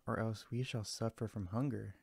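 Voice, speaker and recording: Sly greedy cat from a storybook , a guy with a gravelly low voice reading her, flat cool delivery. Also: moderate pace, dry recording.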